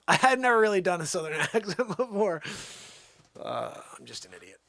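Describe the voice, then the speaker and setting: Lively playful streamer man, dry close mic, lots of laughing. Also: sits high, moderate pace, gravelly, no echo. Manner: playful, laughing, improvising voices. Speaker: livestream host. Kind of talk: casual livestream chat.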